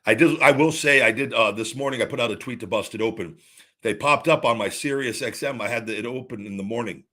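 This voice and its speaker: A man with an average-pitched voice talks off the cuff in a loose, rambling rant. He swears freely, repeats himself and acts out whole conversations as quoted back-and-forth. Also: fast talker, sharp tone. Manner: retells conversations in quoted dialogue. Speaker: show host. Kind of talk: casual ranting monologue.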